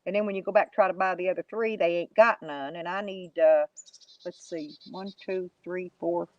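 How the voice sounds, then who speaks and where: A woman's voice: on the low side, fairly even intonation, moderate pace, no room sound, lo-fi sound. A woman, chatting casually to live viewers in a rambling, folksy, mocking way. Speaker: YouTube live streamer.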